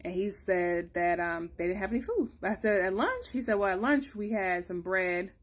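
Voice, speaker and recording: Woman, 30s, casual vlog chat, mother telling a story, animated quoted questions, medium pitch. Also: moderate pace. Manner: chatty storytelling, acts out dialogue with rising pitch. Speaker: mother giving a family update.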